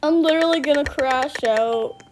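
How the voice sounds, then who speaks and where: A woman's voice: sits high, normal speed, a little mellow, a little hiss or hum, rough recording. A woman giving dramatic, exclamatory gameplay commentary as she plays. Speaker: gamer.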